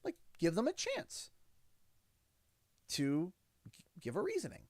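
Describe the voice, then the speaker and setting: A Canadian livestream host in his thirties speaks with a fairly high pitch, a little slowly and with frequent pauses, in clean, echo-free studio sound. He chats casually and animatedly, acting out quoted lines from his kids and himself.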